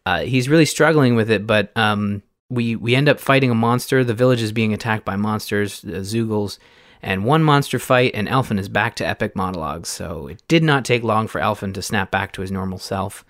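A man's voice: fairly low pitch, a little fast, fairly bright tone, no echo, clean studio sound. A man hosting a podcast, recapping a video game in a loose, rambling way with many fillers and restarts. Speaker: podcast host.

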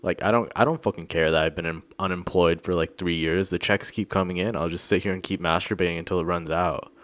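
A deep-voiced man launches into an agitated comic rant. He rambles, accuses and swears constantly, leaning heavily on filler words. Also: steady tone, fast, fairly bright tone. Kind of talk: comedic profane rant.

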